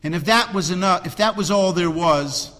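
A man preaching a sermon as pastor, swinging between loud emphatic cries and hushed, low, drawn-out phrases. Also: big-room sound.

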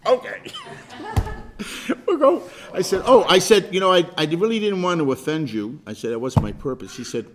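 A man, a pastor, leading a Bible study group, telling stories in a chatty, animated way with repeated words and laughs. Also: on the high side, moderate pace, a little hiss or hum. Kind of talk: casual group discussion and storytelling.

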